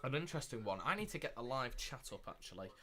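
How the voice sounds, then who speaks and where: A young man hosting a live watchalong stream, chatting casually and repeating himself, getting loud and excited at big moments. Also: medium pitch, fast. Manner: excitable, repeats phrases, shouts when thrilled.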